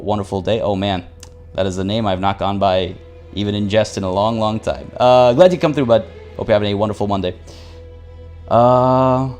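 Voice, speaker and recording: A man's voice: medium pitch, darkish tone. Playful stammering male game streamer. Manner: playful and chatty, stammers and repeats words; reads game event text aloud and jokes with chat. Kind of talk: live-stream gameplay commentary.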